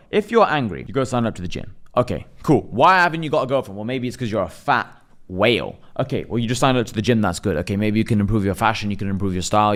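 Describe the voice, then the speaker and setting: A man delivering a blunt, profanity-laced motivational monologue, acting out quick imagined voices along the way. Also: lowish voice. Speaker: self-improvement vlogger.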